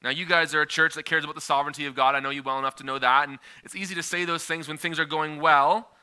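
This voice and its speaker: A man in his thirties preaching a sermon, telling a personal story in a conversational, animated way. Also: fairly high pitch, fast, clear, resonant tone. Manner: conversational, animated, with frequent filler and restarts.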